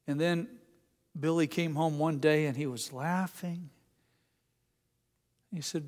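A man's voice: fairly high pitch, unhurried, long pauses, darkish tone. A middle-aged man preaching a sermon, telling stories and reading scripture in an earnest way. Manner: storytelling, earnest, with Bible readings. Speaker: pastor. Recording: long reverb of a hall.

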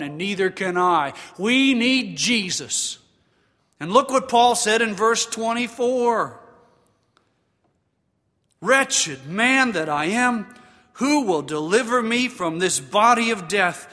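A pastor preaching a sermon in a church sanctuary, earnest and emphatic, then leading a prayer. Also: male voice, sits high, sharp tone. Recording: long reverb of a large hall.

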